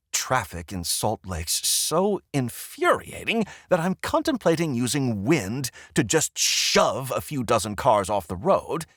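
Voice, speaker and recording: A man narrates an audiobook in the first person, with a wry and expressive delivery. His pace is unhurried and his pitch rises and falls in lively swings. The recording is close and dry. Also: dry recording.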